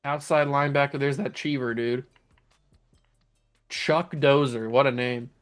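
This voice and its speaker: A man's voice: medium pitch, fairly even intonation, unhurried, faint music behind. Amused man in casual game commentary. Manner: amused, chatty, laughs at odd names. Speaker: gaming YouTuber host.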